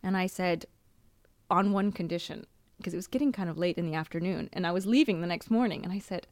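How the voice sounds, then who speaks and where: A woman's voice: fairly low pitch, quick pace, a little mellow, no echo. Woman telling a personal story, dry sound. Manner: candid, with small laughs and restarts.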